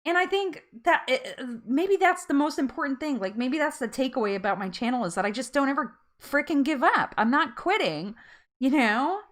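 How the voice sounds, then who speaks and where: A woman's voice: high voice, expressive, normal speed, a bit bright. A woman hosting a casual live-stream chat with viewers, chatty and rambling, often laughing at herself.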